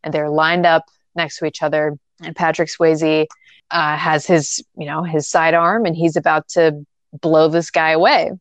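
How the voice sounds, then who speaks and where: Woman rambling thru a movie recap, swears a lot, lowish voice, dry close sound. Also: level tone, normal speed, no room sound. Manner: rambling, profane, sardonic. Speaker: podcast co-host. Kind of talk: casual film recap chat.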